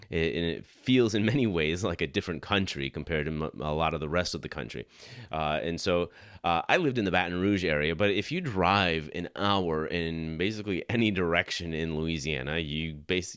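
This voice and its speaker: A middle-aged man hosts a Christian apologetics podcast, speaking earnestly and conversationally and often restarting his sentences. His voice sits low with a fairly bright tone, recorded at studio quality with no echo.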